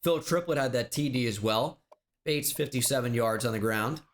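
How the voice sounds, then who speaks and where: A man giving casual video game commentary, rattling off stats in a quick, offhand way. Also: mid-range voice. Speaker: gaming YouTuber.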